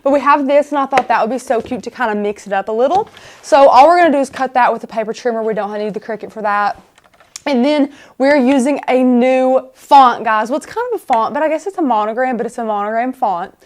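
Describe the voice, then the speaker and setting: A woman chats her way through a live craft tutorial. Her voice sits a little high, and she rambles happily from one thing to the next while she works. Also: fast talker, a little mellow. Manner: chatty, bubbly, rambling. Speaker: host of a craft live stream.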